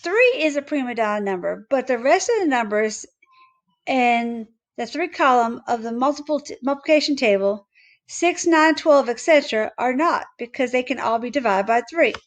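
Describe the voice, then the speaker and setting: A woman voicing a temperamental, mustached male number devil who lectures boastfully and is quick to shout. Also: fairly high pitch, lively intonation, lightly acted.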